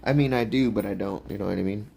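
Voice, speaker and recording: A man's voice: on the low side, fast, creaky, warm tone, a little hiss or hum. A young man hosting a casual livestream chat, loose and profane, rambling and laughing while he drinks beer. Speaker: livestream host.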